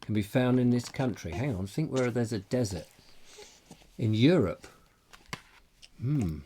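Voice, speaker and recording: A man's voice: medium pitch, animated, warm tone, slight background noise. Jokey English man hosting a chat show. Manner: jokey, musing aloud, drawn-out puns. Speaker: comedy chat show host. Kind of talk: playful live show banter.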